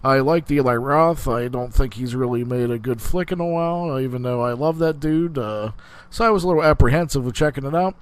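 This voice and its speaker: A man's voice: mid-range voice, brisk, smooth, no echo. Guy hosting a podcast, swearing a lot, tripping over his words, dry close mic. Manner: rambling, many fillers and restarts, laughs through stories. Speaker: podcast host. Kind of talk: casual profane storytelling.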